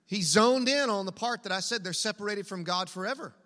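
A man's voice: sits high, a little fast, sharp tone. A man preaching a sermon as pastor, telling a family story in an earnest, conversational way. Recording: long hall reverb.

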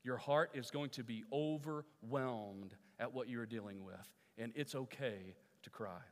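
A man's voice: mid-range voice, unhurried. A male pastor preaching a sermon to his congregation, putting questions to the listeners and repeating his phrases. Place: church sanctuary. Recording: long reverb of a church hall.

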